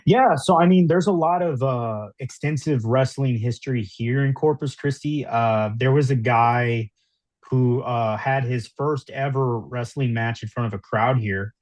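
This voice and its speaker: A man's voice: medium pitch, unhurried, darkish tone, no echo. A man telling stories as a podcast guest, laughing easily and filling his talk with ums. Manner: storytelling, laughs easily, many fillers. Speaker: guest, wrestler and former news reporter. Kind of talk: casual interview chat.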